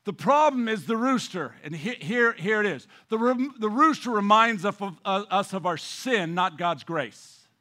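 High, bright-voiced impassioned male pastor. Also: lively intonation, normal speed, few pauses. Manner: impassioned, swings between loud emphasis and hushed near-whispers; repeats words and restarts mid-phrase. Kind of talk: sermon.

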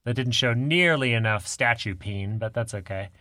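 A man chats loosely on a podcast, bright and forward in tone, laughing often between jokes. His voice is close and dry, with no room sound. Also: medium pitch, moderate pace, no room sound. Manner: laughs often, jokey banter. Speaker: podcast co-host. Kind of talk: casual chat.

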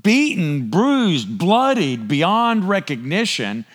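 A man preaching a sermon in a conversational way, often asking his listeners for agreement and clearing his throat. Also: high-pitched, big pitch swings, takes it slowly. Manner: conversational, asks the congregation for agreement. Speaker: pastor.

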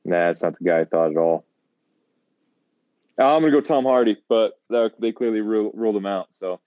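Podcast co-host: young man, low mellow voice, goofy banter, dull lo-fi sound. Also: a little fast, no echo. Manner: goofy, laughing, jokey put-on accents. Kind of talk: casual chat.

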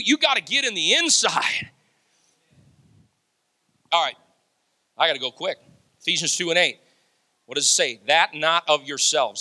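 A man preaching a sermon, animated, laughing and acting out quotes. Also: a little high. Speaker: pastor.

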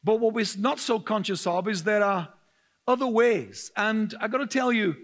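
A male pastor preaching a sermon, telling stories with humor, laughing often and getting very animated. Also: high voice, normal speed.

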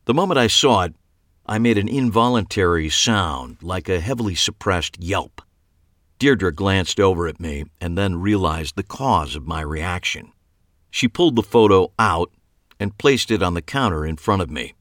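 A man reading a first-person crime novel with wry, expressive storytelling. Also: sits low, normal speed, no room sound, clean studio sound. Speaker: audiobook narrator.

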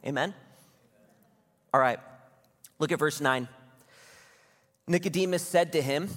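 A man preaching a sermon as pastor, earnest and exhorting in quick bursts. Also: a little high, big-room sound.

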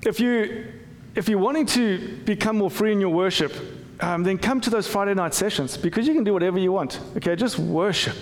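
A man's voice: high voice, brisk, hardly any pauses, in a large hall. A man preaching a conversational sermon as pastor, with frequent restarts and repeated words. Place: church.

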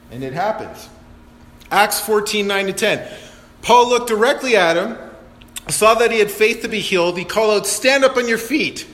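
High-voiced preacher in an echoey hall. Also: male voice. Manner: animated, acts out Bible quotes, laughs at himself. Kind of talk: sermon.

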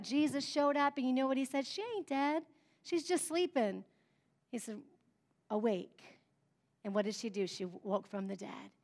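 A woman preaching a sermon, with call-and-response amens, who swings between soft, chatty asides and fervent cries. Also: high-pitched. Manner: rises to fervent cries, then drops soft and conversational; repeated call-and-response "amen?".

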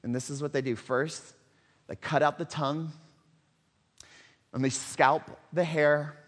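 A male pastor preaching a sermon, telling a story dramatically and swinging between loud and hushed. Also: on the high side, steady tone, a little slow. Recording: long hall reverb.

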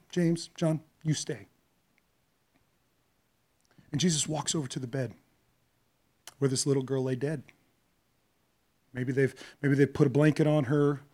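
A man preaching a sermon, retelling a story with shifts from quiet, hushed passages to impassioned, louder ones. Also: medium pitch.

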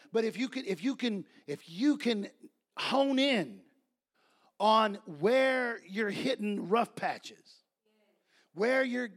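A male pastor preaching a sermon, reading scripture and telling stories, building to loud shouts. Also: very high-pitched.

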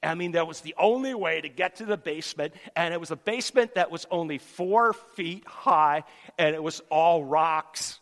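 A man preaching, telling a story in an animated way and repeating words as he goes, in a reverberant church hall. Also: fairly high pitch, normal speed. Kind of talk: sermon storytelling.

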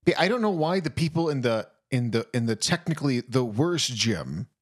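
A podcast co-host in casual chat, blunt and animated, swearing freely. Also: mid-range voice, normal speed.

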